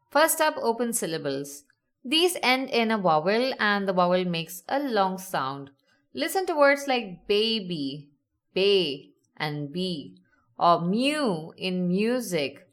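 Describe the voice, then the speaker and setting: Female teacher, scripted lesson read; slow delivery, animated intonation, enunciates each example word. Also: mid-range voice. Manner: slow, clearly enunciated, sounding out example words.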